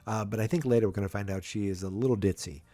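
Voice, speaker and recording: A man's voice: on the low side, racing, warm tone, no room sound. A man hosting a podcast, casually recapping a TV episode with a rambling manner full of restarts and fillers. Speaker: podcast host.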